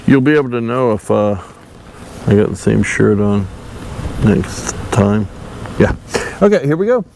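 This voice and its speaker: Slow-talking folksy man working outdoors. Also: lowish voice, lively intonation, gravelly, noisy background. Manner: folksy, self-mocking, chuckles often. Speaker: channel host doing a boat trailer fix-up. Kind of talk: casual DIY vlog talk to camera.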